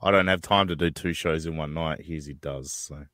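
Man, very low voice, blunt, joking, casual, dry recording. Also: normal speed, fairly bright tone, dry recording. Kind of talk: casual chat.

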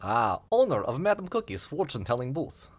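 A man's voice: medium pitch, a little fast. A man voicing an animatronic fortune-teller woman who speaks in clipped, broken sentences. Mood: robotic. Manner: flat clipped speech with dropped articles.

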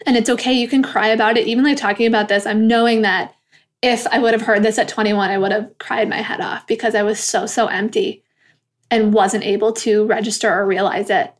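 A woman's voice: medium pitch, fairly even intonation, fairly quick. A woman in her thirties talking in a casual, earnest monologue, getting impassioned and swearing when angry.

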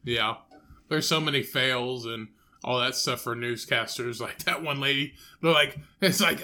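A man's voice: mid-range voice, fairly even intonation, moderate pace, bright, forceful tone. A man co-hosting a podcast in loose, profane casual chat. He laughs often and trails off mid-thought. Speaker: podcast co-host.

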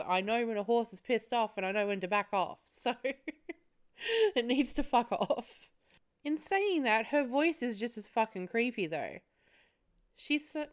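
A woman's voice: fairly high pitch, smooth. Sweary, chatty woman podcaster. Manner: chatty, sweary, laughs often, animated asides. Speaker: podcast co-host, film reviewer. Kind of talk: casual solo podcast review.

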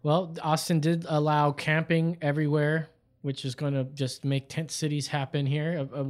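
A man hosting a casual podcast with a slightly high voice for a man. He is chatty and blunt, and he retells events by quoting what other people said. He closes the show with a sign-off to listeners. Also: flat delivery, moderate pace. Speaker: podcast host. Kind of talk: casual chat.

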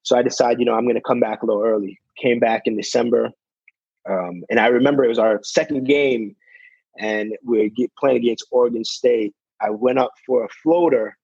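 Young man, gravelly voice, husky edge, casual interview guest, dull muffled sound. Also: medium pitch, fairly quick, a little mellow, no room sound. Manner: fills with "you know", acts out quotes. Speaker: guest, basketball player.

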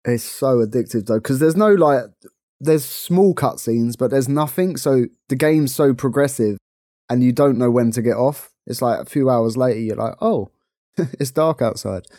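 A man's voice: mid-range voice, normal speed, mellow, dry recording. Laughing London man, dry podcast sound. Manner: chatty, laughs often, playful. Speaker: podcast co-host. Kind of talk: casual chat.

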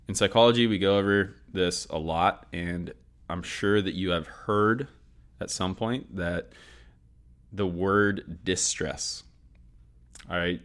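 A man's voice: low-pitched, a bit bright. A man hosting a sport and performance psychology session, upbeat and repeating his key points. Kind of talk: scripted educational talk.

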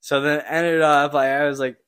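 A young man with a somewhat high voice tells a story on a podcast. He talks loosely, swearing a lot and laughing, with many fillers. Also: flat delivery, brisk, fairly bright tone, smooth. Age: young adult. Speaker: podcast guest, junior hockey player. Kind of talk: casual storytelling.

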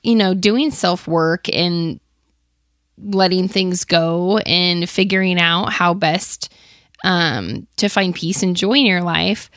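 A woman's voice: fairly low pitch, fairly even intonation, slow pace, a bit bright, dry recording, clean studio sound. A woman in her thirties co-hosting a casual podcast who talks in a reflective, earnest and agreeable way. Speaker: podcast co-host. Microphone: close podcast mic.

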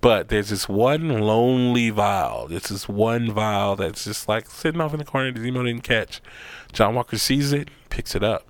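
A man giving a casual, profane recap of an episode, animated and acting out the quotes. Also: lowish voice, normal speed, smooth, no room sound. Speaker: show recap host.

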